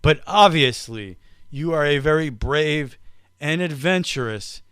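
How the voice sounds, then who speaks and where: A man's voice: fairly high pitch, animated, measured pace, fairly bright tone, a little hiss or hum. A man hosting a casual comedy podcast, teasing his co-host and stringing out a story to build up the punchline.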